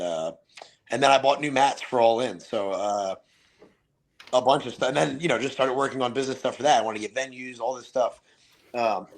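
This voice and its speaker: A man, a retiring fighter, talking casually as a podcast guest, rambling with lots of fillers. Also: mid-range voice. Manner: rambling, many fillers like "you know what I mean". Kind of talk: casual interview storytelling.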